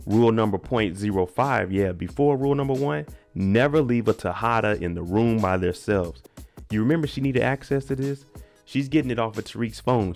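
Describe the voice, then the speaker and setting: A man casually recapping a TV episode, animated and acting out characters' lines in raised voices. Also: on the low side. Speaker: TV recap host. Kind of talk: casual show recap commentary.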